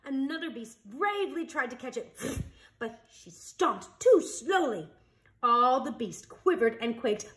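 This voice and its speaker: A woman reading a picture book aloud with an expressive storytelling delivery. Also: sits high, unhurried. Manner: expressive, animated read-aloud.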